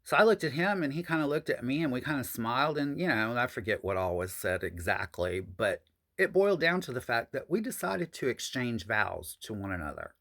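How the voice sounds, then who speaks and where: In a casual, profane monologue, a man recounts a story from his own past, addressing his viewers as honey and y'all. His voice swings widely in pitch, leaping high for emphasis, and he speaks fairly quickly with a fairly bright tone.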